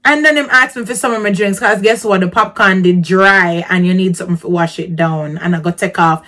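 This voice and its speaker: A woman vlogger telling a story in a casual, slangy way, jumping between hushed asides and loud exclamations. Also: lowish voice, fairly quick.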